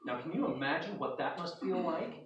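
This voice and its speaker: Folksy preacher in a roomy hall. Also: male voice, fairly high pitch, animated, brisk, recorded from a distance, a little hiss or hum. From North Idaho. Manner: folksy storytelling, acting out scenes. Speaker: pastor. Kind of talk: sermon. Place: church sanctuary.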